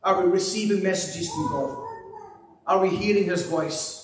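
A Scottish pastor preaches a sermon and leads a prayer in a church hall, his earnest cadence repetitive, dropping to a hush as he prays. His voice sits high at a normal speed, recorded from a distance in the echoey hall with slight background noise.

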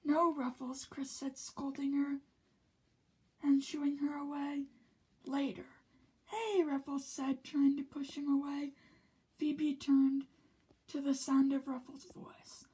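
A woman reading a children's picture book aloud, slipping often into a soft whisper between the characters' lines. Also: high-pitched, monotone, takes it slowly, pauses often, rough recording.

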